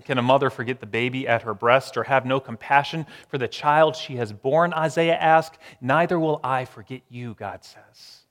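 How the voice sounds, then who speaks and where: A man preaching a sermon, moving between raised emphatic lines and hushed, slow repetitions. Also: mid-range voice, big-room sound.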